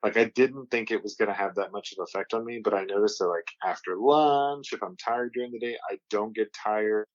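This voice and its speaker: Podcast host guy chatting casually, kinda low voice, dry dull sound. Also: a little fast, hardly any pauses, dry recording. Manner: rambling, with lots of "like" and "uh". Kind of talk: casual chat.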